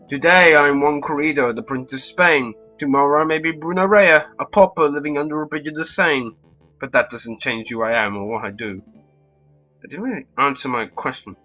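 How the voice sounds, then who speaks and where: A man putting on a sly, silver-tongued male fox swindler from a game, speaking higher and louder than the narrator with smooth theatrical flourishes. The recording sounds slightly dull, with faint music underneath. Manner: theatrical, smooth, grandly dramatic. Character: suave scheming male fox con artist.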